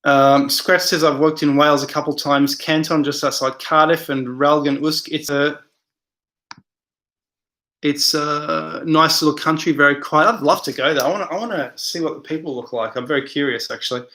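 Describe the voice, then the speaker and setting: Male stream host, slightly high and bright, chatty and hesitant as he reads out viewer comments. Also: steady tone, moderate pace. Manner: rambling, hesitant, many fillers, reads comments aloud. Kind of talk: casual live chat.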